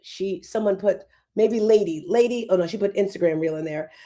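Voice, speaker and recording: A woman's voice: medium pitch, brisk, warm tone. A middle-aged woman hosting a live online talk show, chatting in a conversational way and speaking straight to her audience and the chat. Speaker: host.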